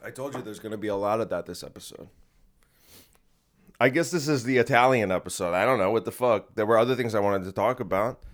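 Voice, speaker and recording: A man's voice: fairly low pitch, fast. Comedic male podcaster, rambling solo rant, direct to listener. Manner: rambling, combative, talking to the listener. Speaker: podcast host. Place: home room in a creaky chair.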